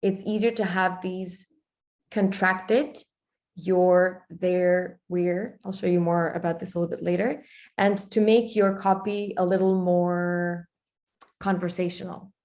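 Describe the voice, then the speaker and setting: A woman giving a presentation on branding in a relaxed, conversational way, often checking in with the listener. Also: on the low side, moderate pace. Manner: conversational, uses fillers and asks "right?".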